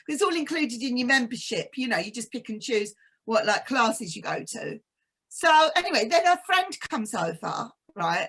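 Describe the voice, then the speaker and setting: A woman from East London with a softened English accent, chatting casually as a co-host and telling stories. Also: fairly high pitch, quick pace, slightly rough. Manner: chatty storyteller, animated. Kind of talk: casual chat.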